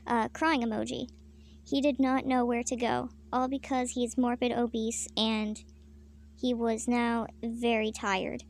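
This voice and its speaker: A woman reading her own comic fanfiction aloud, deadpan with crude, swearing asides. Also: a little high, unhurried. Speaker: fanfiction reader.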